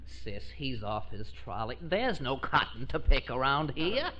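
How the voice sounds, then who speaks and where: An actor playing a whiny, put-upon friend of the household in a 1950s radio sitcom. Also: male voice, medium pitch, sing-song, unhurried. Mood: griping. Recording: noisy old radio broadcast.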